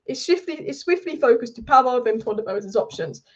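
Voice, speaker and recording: A woman's voice: on the high side, animated, a little fast, darkish tone, highs cut off. A woman hosting a live football show, ranting passionately and repeating points for emphasis. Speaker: football channel host.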